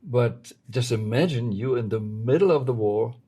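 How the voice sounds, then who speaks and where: A man hosting an interview, asking halting, searching questions. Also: medium pitch, mellow, breathy edge. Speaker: host. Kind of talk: interview conversation.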